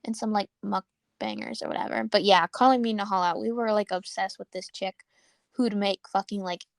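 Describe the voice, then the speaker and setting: A young woman co-hosts a casual podcast and chats loosely with a friend. She swears freely and laughs often as she tells her stories. Her voice sits at a middle pitch and is recorded close and dry. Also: moderate pace, vocal fry, no room sound. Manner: laughing, swearing, animated storytelling. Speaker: podcast co-host. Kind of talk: casual chat.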